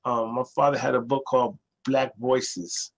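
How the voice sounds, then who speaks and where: A man, a librarian telling stories as a guest in a casual interview, animated and acting out other people's voices. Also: mid-range voice, normal speed, poor audio. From New York City. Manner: animated storyteller, acts out quoted voices.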